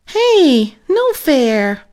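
A cheeky, bratty little girl with a shrill, loud voice, as a woman reading a storybook puts her on. She teases and whines in high, sharp bursts. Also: sing-song, very slow, exaggerated voice. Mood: whiny. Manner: shrill, teasing.

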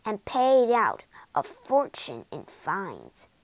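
A woman voicing a timid, gentle male mole who speaks in a hushed, breathy murmur. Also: medium pitch, huge pitch swings, slow pace, dry recording, full character voice, rough recording.

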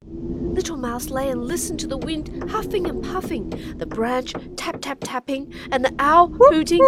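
A woman hosting and narrating a children's radio drama, animated and dropping to whispers for suspense. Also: high-pitched, measured pace, very noisy. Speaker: narrator and host. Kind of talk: expressive children's story narration.

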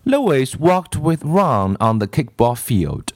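Male storybook reader, expressive, slow, lively pitch. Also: dry recording, clean studio sound. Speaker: narrator. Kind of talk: storybook read-aloud.

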